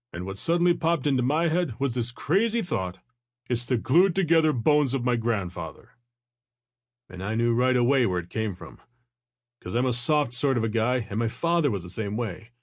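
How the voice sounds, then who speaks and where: A man voicing a calm, easygoing older therapist. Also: mid-range voice, normal speed, no echo, clean studio sound, close to an everyday voice. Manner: unperturbed, easygoing, good-humored. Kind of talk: audiobook character voice.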